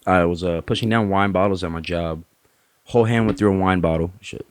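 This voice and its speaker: A man tells a long anecdote on a podcast in a lowish voice, swearing freely and acting out the people in it. He sounds animated and casual, and the recording is close and dry with no room sound. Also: a little fast, smooth, no echo. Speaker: podcast guest. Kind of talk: casual storytelling. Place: Tampa area.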